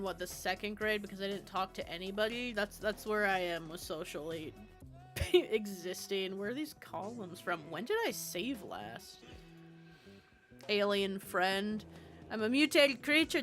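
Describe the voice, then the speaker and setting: A woman's voice: mid-range voice, measured pace, fairly bright tone. A young woman streaming while she builds in a game, chatting in a rambling, self-deprecating way and swearing freely, with faint game music behind her.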